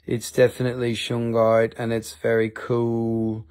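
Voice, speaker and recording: A man's voice: mid-range voice, monotone, a little slow, darkish tone, clear, resonant tone. A man hosting a casual live-stream sale of rocks and minerals, chatty and jokey, with offhand swearing.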